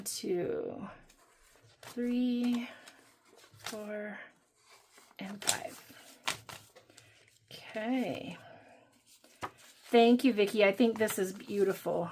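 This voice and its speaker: Slow, chatty woman hosting a budgeting vlog. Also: medium pitch, a little hiss or hum. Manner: chatty, thinking aloud, counting under her breath. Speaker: budgeting channel host. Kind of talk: casual chat while doing savings challenges.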